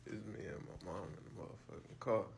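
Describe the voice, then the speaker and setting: A man's voice: fairly low pitch, fairly quick, vocal fry, a little hiss or hum. A man casually telling a personal story, loose and profane, with lots of fillers and repeated words.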